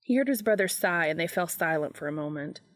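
A woman narrating a fan fiction audiobook in a steady, measured way. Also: on the low side, no room sound.

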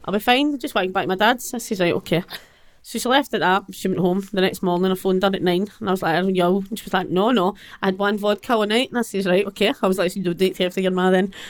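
A woman's voice: mid-range voice, fast talker. A middle-aged woman with a Glaswegian Scottish accent, a guest telling a personal story bluntly and with animation. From Scotland. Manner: blunt and animated, acts out quoted exchanges. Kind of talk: conversational personal account.

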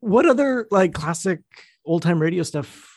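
A man's voice: high-pitched, lively intonation, moderate pace, no room sound, clean studio sound. A man from Canada chatting casually as a podcast guest, often restarting and repeating words. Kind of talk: casual conversation.

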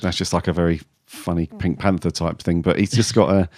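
Deep-voiced man chatting with a chuckle. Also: fairly even intonation, a little fast, darkish tone, dry recording, clean studio sound. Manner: rambling, chuckling, trailing off mid-sentence. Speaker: podcast co-host. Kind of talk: casual fan chat.

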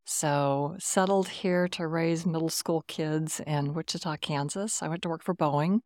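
A Texas woman in her sixties, a retired Air Force officer, tells stories as a podcast guest in a low, slightly slow voice. The studio-quality recording has no room sound, and her conversational anecdotes are warm and animated, with quoted dialogue.

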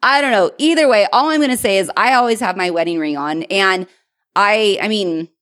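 A woman in her thirties co-hosts a podcast and tells an animated bar story in casual chat, full of "like" and some swearing. Her voice sits in the mid range and moves fairly quickly. The recording is studio quality with no room sound.

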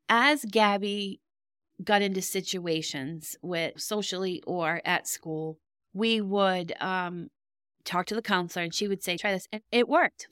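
A middle-aged woman hosts a podcast, sharing a personal story in a candid, emotional, rambling way. Her mid-range voice is a bit bright, and the studio recording is clean with no echo.

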